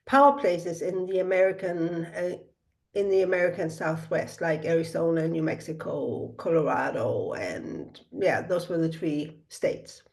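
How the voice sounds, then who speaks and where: A middle-aged woman speaking softly and reflectively, telling a personal spiritual story with many pauses and fillers. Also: fairly low pitch. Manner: soft-spoken, meandering, with frequent fillers.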